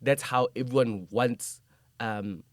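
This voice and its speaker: A man hosting a podcast, making his points with emphasis and breaking into laughter now and then. His voice is mid-pitched and recorded dry and close, with no room echo. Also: slow pace. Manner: animated and emphatic, laughs often. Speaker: podcast host. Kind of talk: conversational podcast interview.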